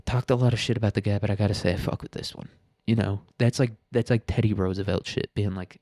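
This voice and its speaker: Low-voiced man, crude and blunt. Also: steady tone, quick pace, warm tone, dry recording, studio quality. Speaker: podcast host. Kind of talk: casual current-events commentary.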